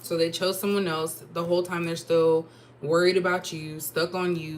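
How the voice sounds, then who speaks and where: A woman's voice: on the low side, flat delivery, moderate pace, slight background noise. A woman giving a casual tarot reading, chatting and thinking aloud with asides. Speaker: tarot reader.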